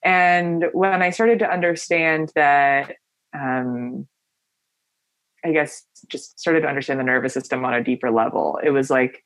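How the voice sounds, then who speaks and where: A woman with a fairly low voice speaks as an interview guest, earnest and animated as she tells a personal story. The sound is close and dry, with no room around it. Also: a little slow, no echo. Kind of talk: conversational interview.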